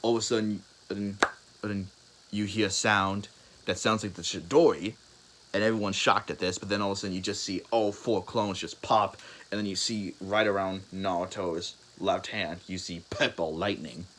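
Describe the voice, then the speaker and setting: A young man improvising a spoken fan story, halting and rambling, with many restarts and fillers. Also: low-pitched, steady tone, fairly bright tone, low-quality recording.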